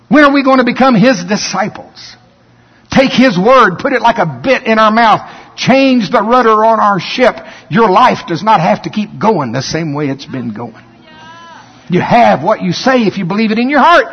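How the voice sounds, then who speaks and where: A fervent male preacher with a high, breathy voice recites scripture confessions and exhorts his listeners. The sound is dull and carries a long hall reverb. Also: expressive, moderate pace. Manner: fervent, repeats hallelujah, quotes scripture.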